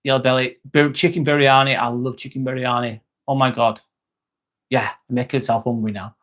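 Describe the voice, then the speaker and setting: A man's voice: medium pitch, flat delivery, normal speed, a bit bright. A man, chatting bluntly and casually with viewers on a livestream, full of "um" and "mate". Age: 40s. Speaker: livestream host and nurse.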